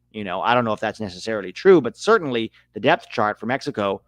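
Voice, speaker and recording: A man hosting a live match watch-along, calling the play with excitable outbursts. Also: lowish voice, fast, hardly any pauses, no room sound. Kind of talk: live match reaction commentary.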